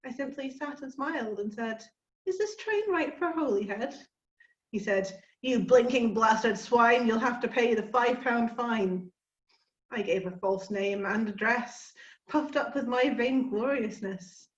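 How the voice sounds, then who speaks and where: A woman's voice: fairly high pitch, animated, measured pace, roomy sound, highs cut off. A woman reading a comic rhyming poem aloud with a bouncy delivery. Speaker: poetry reader.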